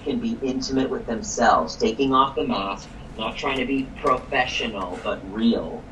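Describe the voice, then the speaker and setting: A man, a chiropractic coach and guest, telling a story on a live call in an energetic way, quoting people as he goes. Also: mid-range voice, moderate pace, slight background noise, rough recording. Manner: energetic, quotes people in the story, repeats words when excited.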